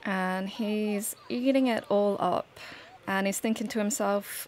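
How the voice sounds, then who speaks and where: A woman narrates a let's-play in a medium-pitched, steady, slightly mellow voice, taking it slowly. She is casual, chatty, and storytelling, laughing now and then. A little hiss or hum sits under the recording.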